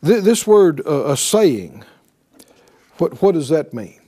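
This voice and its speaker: A man with a high voice preaches at an unhurried pace, stressing his points and checking in with his listeners. His tone is mellow and dark despite the high pitch. He reads scripture aloud and slips into voiced quotes. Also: very animated. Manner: emphatic, calls for responses with "right?". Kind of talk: sermon.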